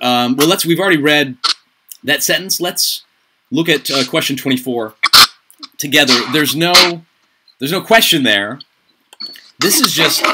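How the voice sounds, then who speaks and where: A man tutoring students for the SAT over a video call, coaching them through answers in an upbeat, chatty way. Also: a little high. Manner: upbeat, coaching, quick asides and laughs. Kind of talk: online tutoring session. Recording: noisy online call audio.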